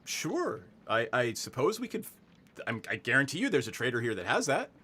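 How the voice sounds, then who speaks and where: A man's voice: medium pitch, huge pitch swings, brisk, pushed and bright, slightly rough, heavily acted. A man voicing a friendly, eager-to-please female deputy of a small frontier town in a tabletop game.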